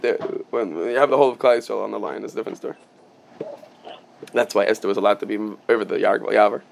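A man's voice: fairly low pitch, quick pace, creaky, a little hiss or hum. A man teaching a casual Talmud class, explaining with everyday examples and often restarting his phrases.

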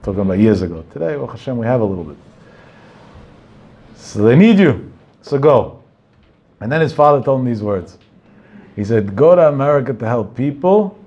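A man's voice: lowish voice, expressive, moderate pace, long pauses, mellow, husky, highs cut off. Man giving a rambling storytelling talk. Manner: digressive, anecdotal, sprinkled with Hebrew terms.

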